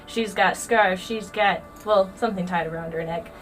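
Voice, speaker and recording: A woman player describing her character in a lively, chatty way. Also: medium pitch, normal speed. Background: faint music.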